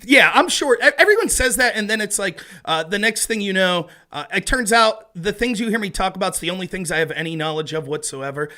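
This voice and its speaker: A man's voice: sits high, expressive, brisk, few pauses, pushed and bright. A man hosting a casual podcast chat, talking in a jokey, self-deprecating way. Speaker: host.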